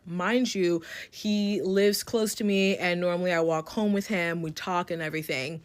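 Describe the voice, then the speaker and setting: A young woman in a casual storytime vlog, telling a personal story in a candid, profane and animated way. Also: lowish voice, unhurried. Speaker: storytime vlogger.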